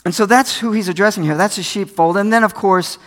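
A man's voice: sits high, a little fast, a bit bright. An older man preaching a sermon in a folksy, conversational way, telling stories from his own life, a little tired. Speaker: pastor.

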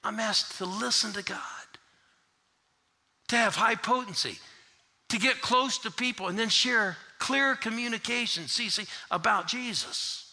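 A middle-aged male pastor preaching to a congregation in a church. His voice sits high and rings very bright and forceful. He swings between shouted call-and-response and hushed storytelling. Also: unhurried. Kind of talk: sermon.

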